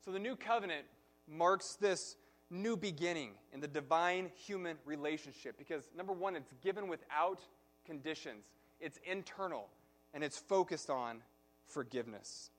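A male pastor preaching a sermon, telling a personal story in an animated way, swinging from soft to loud. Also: on the high side, normal speed.

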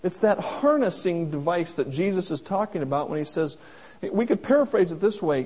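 A man preaching a sermon in a folksy, plain-spoken way, slowing down to stress each scripture quote. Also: sits high, expressive, darkish tone, breathy edge, low-quality recording. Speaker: pastor.

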